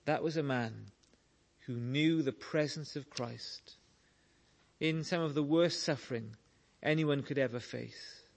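A man preaching a sermon, slow and earnest, telling stories to make his point. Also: mid-range voice, vocal fry.

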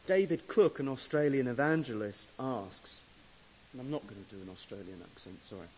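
A man preaching a sermon with measured, deliberate pauses, who swells to emphatic loudness when he reads scripture. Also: mid-range voice, animated, breathy edge, low-quality recording. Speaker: pastor.

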